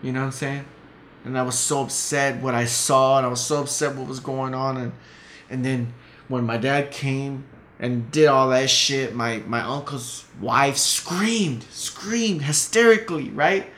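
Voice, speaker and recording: A man's voice: mid-range voice, unhurried, a bit bright. Heated, blunt man in an echoey room. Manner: blunt, heated storytelling with heavy swearing. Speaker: podcast guest. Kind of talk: casual chat. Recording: echoey room, faint noise.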